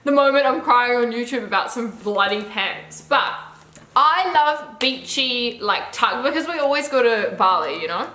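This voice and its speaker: A woman's voice: fairly high pitch, animated, moderate pace, bright, forceful tone, roomy sound. A young woman, chatting casually and gushingly through a clothing try-on haul, swearing now and then. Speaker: fashion vlogger.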